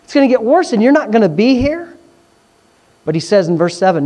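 A pastor, preaching in a conversational, animated way, with asides and quick questions to the congregation. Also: medium pitch. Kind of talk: sermon.

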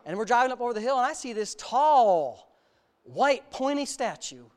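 High-voiced male pastor telling his story. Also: sing-song, moderate pace. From United States. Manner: candid storytelling, self-mocking humor. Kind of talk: personal testimony sermon.

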